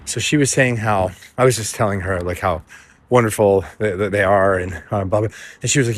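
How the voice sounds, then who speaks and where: A man's voice: lowish voice, steady tone, fairly quick, no room sound. A middle-aged man from the United States telling a story in a casual, rambling vlog, with fillers and asides, recorded outdoors in the wind. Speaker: vlogger. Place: outdoors in a windy town. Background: faint wind noise.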